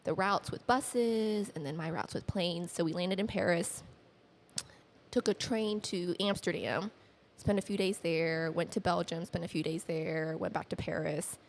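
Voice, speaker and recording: Chatty woman guest acting out her stories. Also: unhurried. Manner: animated, acts out quoted dialogue with lifted pitch; chatty, uses many fillers like "like". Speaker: podcast guest. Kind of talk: casual conversational storytelling.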